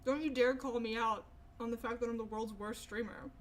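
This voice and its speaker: A woman's voice: a little high, fairly even intonation, fairly quick, slight background noise. A young woman chatting casually with her stream viewers, rambling and swearing freely. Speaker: livestreamer.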